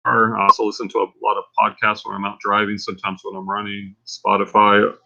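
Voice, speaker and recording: A lowish, gravelly male voice with a Texan accent comes through fairly quick on dull audio. He's a livestream host in a casual mode, rambling, excitable, and getting fired up.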